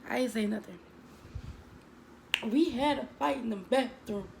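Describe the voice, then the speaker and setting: A woman's voice: a little high, a little slow, gravelly, noisy background. A woman telling a story from her school days to her viewers in a chatty, dramatic way, calling them girl and baby. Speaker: storytime vlogger.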